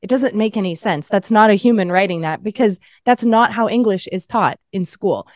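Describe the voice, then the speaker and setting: A woman's voice: medium pitch, moderate pace, darkish tone, no room sound, studio quality. A woman co-hosting a casual chat podcast, talking bluntly and with a lot of swearing, acting out mocking quotes. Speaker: podcast co-host.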